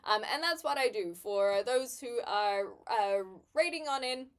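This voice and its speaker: A woman's voice: on the high side, animated, measured pace. A young woman from New Zealand, a streamer chatting casually with live viewers from her bedroom and reading chat aloud with frequent giggles.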